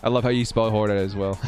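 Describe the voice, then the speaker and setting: This live stream host of football game simulations has a voice on the low side with a darkish tone. He calls the plays casually and chats with viewers in between, over faint 1980s-style background music.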